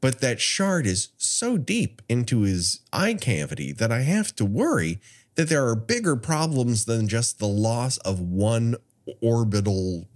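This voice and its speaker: A man co-hosting a podcast, casually recapping a horror film with frequent laughs. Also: mid-range voice. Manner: animated, laughs often, plot-summarizing. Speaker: podcast co-host. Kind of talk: casual movie recap chat.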